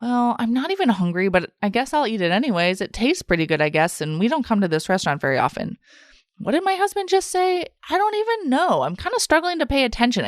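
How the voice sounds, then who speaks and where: A woman's voice: mid-range voice, dry recording, studio quality, natural voice. A woman voicing the self-critical inner voice of a stressed dieting woman, fretting and arguing with herself. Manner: frets and argues with herself.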